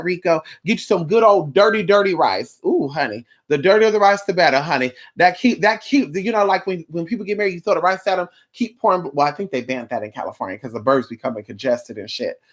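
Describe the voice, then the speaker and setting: A live streamer chatting casually with viewers, sassy and campy, calling them girl and honey, swearing freely and rambling from topic to topic. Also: medium pitch. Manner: sassy, campy, drawn-out endearments, frequent profanity.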